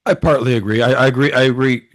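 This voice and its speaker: A man's voice: medium pitch, steady tone, fast. A man with a Wisconsin accent giving earnest, argumentative political commentary on a talk show.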